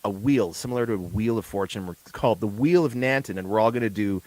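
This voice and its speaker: A man's voice: fairly low pitch, quick pace, a little mellow, no echo, poor audio. A man hosting a casual live morning show, joking and teasing his co-host with lots of fillers.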